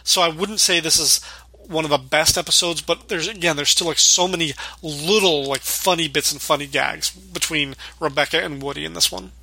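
A male podcast host with a bright, ringing tone that sits a bit higher than most men's. He talks casually and rambles, scattering "like" through his sentences and acting out quotes. The sound is dry and close, with almost no room. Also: normal speed, creaky, no room sound. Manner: rambling, heavy use of "like", acts out quotes. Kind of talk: casual chat recapping a sitcom episode.

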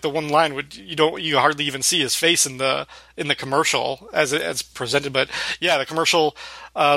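A man with a very bright, forceful voice, slightly higher than most, chatting casually on a podcast. He retells scenes with frequent laughs, recorded dry and close. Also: dry recording. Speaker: podcast co-host. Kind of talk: casual chat recapping a sitcom episode.

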